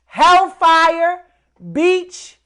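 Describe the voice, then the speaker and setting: Casting note: high-pitched woman, animated guest, laughs and repeats for emphasis. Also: very slow. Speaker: show guest. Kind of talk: casual live-stream chat.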